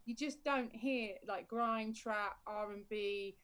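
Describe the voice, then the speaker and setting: A woman's voice: a little high, slow pace, a bit bright, clear, resonant tone. A woman, a guest on a radio music panel, sharing her opinion in an enthusiastic, rambling way. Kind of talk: casual panel chat.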